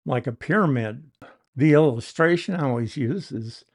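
A man teaching through a Bible passage verse by verse, explaining the wording in a deliberate, emphatic way. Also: medium pitch, lively intonation, husky.

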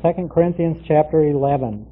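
A man's voice: fairly high pitch, a little hiss or hum. Tinny-sounding man teaching scripture. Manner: measured, explanatory, with frequent "uh" pauses. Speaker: Bible teacher. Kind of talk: verse-by-verse Bible teaching.

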